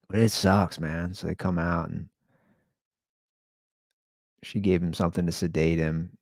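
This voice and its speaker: A very low male voice with a gravelly, fry-edged texture, recorded close and dry. He hosts his own show, rambling in a somber, casual way. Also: fairly even intonation, a little slow, pauses often, a little mellow, dry recording. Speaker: podcast host. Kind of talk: casual solo monologue.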